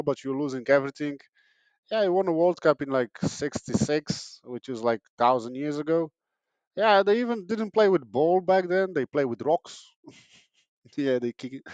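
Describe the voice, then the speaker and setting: A man's voice: on the high side, darkish tone, no room sound, muffled recording. A young man from Poland, hosting a comedic podcast in a sarcastic, rambling way with many fillers and restarts. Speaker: podcast host. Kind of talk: casual comedic monologue.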